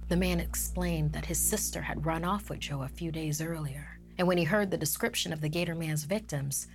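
Low-voiced whispering woman storyteller. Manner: hushed, often whispering. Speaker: narrator. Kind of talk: scripted horror story narration. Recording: music playing underneath.

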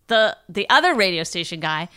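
A woman's voice: lowish voice, very animated, brisk, sharp tone, clear, resonant tone. Rambling woman comic telling stories. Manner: rambling storytelling with many restarts and quoted voices. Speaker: stand-up comedian, podcast co-host. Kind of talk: casual chat.

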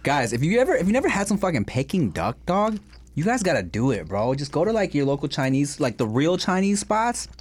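A man chatting casually over a meal, laid-back and slangy, peppering his talk with swearing. His pitch swings a lot, rising and falling as he tells stories. He sounds relaxed and unhurried. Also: husky. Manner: laid-back, profane, slangy, calls people dog. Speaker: podcast co-host. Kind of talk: casual chat over food.

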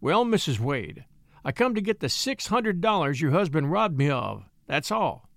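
A grim old-west blackmailer drawls his threats in a rough backwoods dialect, as a man puts him on. The voice rides high and swings widely in pitch. The recording is dry and close. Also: big pitch swings, normal speed, no room sound. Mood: menacing. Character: grim rough frontier blackmailer, male, middle-aged.

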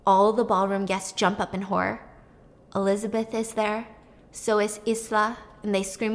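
A woman casually retelling a film's plot in an animated, chatty way, swearing freely. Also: medium pitch, unhurried. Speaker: storyteller. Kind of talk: casual movie plot recap.

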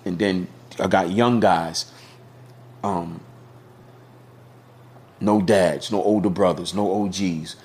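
Podcast guest, middle-aged man, low voice, loose slangy storyteller. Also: slight background noise. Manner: candid, storytelling, peppered with slang and cussing. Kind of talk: casual podcast conversation.

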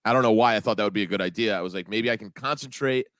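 A man chatting casually and telling stories, getting over being sick, animated, jumping up in pitch when he quotes people. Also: rapid-fire, dry recording. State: recovering from illness. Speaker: podcast co-host. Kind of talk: casual chat.

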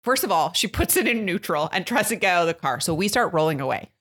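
A woman, co-hosting a podcast, telling a story in an animated way, laughing often and acting out loud quotes. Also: fairly low pitch, fast, breathy edge. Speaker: podcast co-host. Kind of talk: casual storytelling chat.

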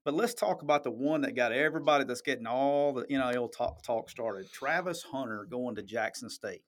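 A man's voice: medium pitch, a little fast. A man hosting a podcast, talking sports in a blunt, emphatic, profane way and often checking "okay?". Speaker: podcast host. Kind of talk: casual sports talk.

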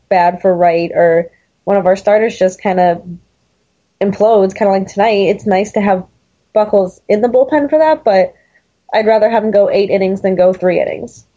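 A woman talking sports on a podcast in a casual, rambling way, often restarting her sentences. Her voice is mellow and warm, and the recording is dull and lo-fi. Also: mid-range voice. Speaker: podcast co-host.

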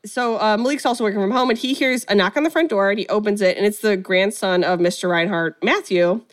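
A woman's voice: mid-range voice, fast talker. Woman retelling a movie plot to a friend, chatty, keeps saying like, acts out lines. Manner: animated storytelling, acts out quotes, frequent "like". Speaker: podcast co-host recapping a film. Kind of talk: casual chat.

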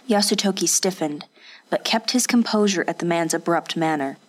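A woman reads a historical story in steady, scripted narration. Her voice sits somewhat low, and she keeps an even, measured storytelling pace. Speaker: audiobook narrator.

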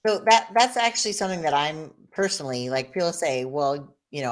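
A woman hosting an interview, asking questions and telling personal anecdotes with lively reactions. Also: low-pitched, a little fast, hardly any pauses. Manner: animated storytelling, reacting with short exclamations. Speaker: interview host. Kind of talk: conversational interview.

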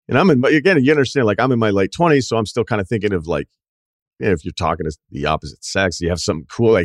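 A man from the Boston area hosting a podcast, telling stories in a casual, animated way, acting out quotes and swearing freely. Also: low voice, racing, no room sound, clean studio sound. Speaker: podcast host and longtime radio host. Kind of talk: casual storytelling chat.

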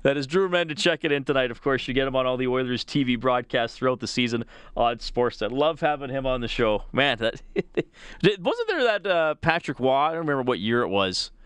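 A man's voice: mid-range voice, lively intonation, brisk, a bit bright, clear, resonant tone, dry recording. A man hosting a sports talk radio show, chatting easily with a guest and reading out call-in details from the studio. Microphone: close studio microphone.

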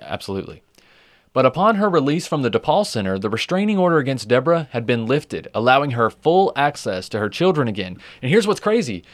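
A man's voice: mid-range voice, sing-song, fast, no echo. A man hosting a true crime podcast, chatting casually with many fillers and the odd swear word. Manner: conversational, with frequent fillers and swearing. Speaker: podcast host.

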